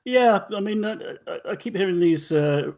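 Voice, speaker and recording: A man's voice: high voice, expressive, moderate pace, a little mellow. Dry joking guy from southern england, podcast guest on a video call, audio a bit dull. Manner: dry, wry humor. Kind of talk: casual chat.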